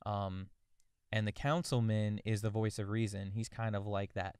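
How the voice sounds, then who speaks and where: Man, young adult, podcast co-host, smooth clear voice, rambling, dry close sound. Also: lowish voice, steady tone, moderate pace, darkish tone, no echo. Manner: rambling, thinking aloud. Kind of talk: casual brainstorming chat.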